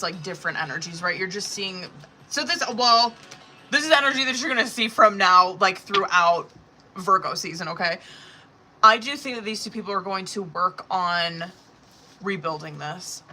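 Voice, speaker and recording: A bright, clear-voiced woman doing a live tarot reading, talking bluntly to her viewer and peppering every line with swearing. She names each card as she draws it, and her delivery jumps between frank and emphatic. A faint hum of room ambience sits behind her. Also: medium pitch. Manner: blunt, swears often, talks straight to the viewer; expressive, talks through cards as she draws them. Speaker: tarot reader.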